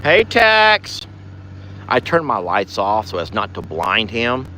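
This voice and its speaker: A man hosting a casual ranch vlog outdoors at night, drawling to viewers and cooing in a high sing-song at his cows. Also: moderate pace, sharp tone, a little hiss or hum. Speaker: ranch vlogger.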